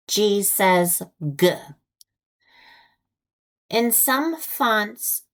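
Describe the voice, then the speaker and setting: American woman teaching phonics, super slow, says every word twice, very clear. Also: medium pitch, lively intonation. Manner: deliberate, repeats each word with long pauses. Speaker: ESL teacher.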